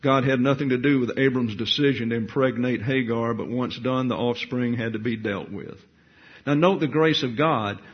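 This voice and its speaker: Male Bible teacher, husky tone, emphatic and deliberate, dull lo-fi recording. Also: mid-range voice. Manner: deliberate, emphatic, reads scripture aloud. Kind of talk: sermon-style Bible study.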